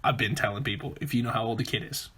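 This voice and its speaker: A man's voice: medium pitch, fast, pushed and bright, breathy edge. A man hosting a comedic solo podcast, rambling and interrupting himself as he jokes. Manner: rambling, self-interrupting, jokey. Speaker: podcast host.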